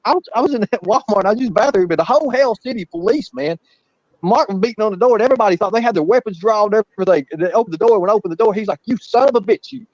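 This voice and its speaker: A man's voice: high-pitched, very fast, darkish tone, no echo. A man, telling rambling, profane, laughing anecdotes in casual talk. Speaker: guest storyteller. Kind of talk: casual storytelling. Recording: muffled lo-fi audio.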